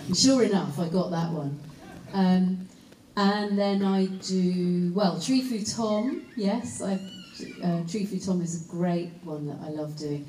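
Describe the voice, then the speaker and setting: An actress answering panel questions in a chatty, rambling way, full of fillers and asides. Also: female voice, fairly low pitch, takes it slowly, a little mellow, slight background noise. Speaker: actress and voice actor. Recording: roomy hall, distant mic, faint ambience.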